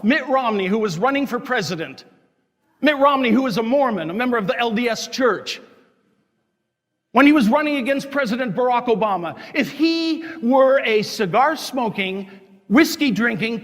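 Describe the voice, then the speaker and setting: A male priest with a high voice preaches with fiery, indignant force. His words ring through a church with a long, lingering reverb. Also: fairly bright tone. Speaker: diocesan priest. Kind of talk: sermon.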